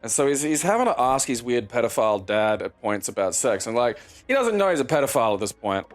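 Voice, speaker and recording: A man rambles through a long story in casual chat while playing a video game, cursing freely and restarting his sentences. His voice sits at an everyday middle pitch, and faint music plays underneath. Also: sing-song, fast. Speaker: co-host of a gaming channel.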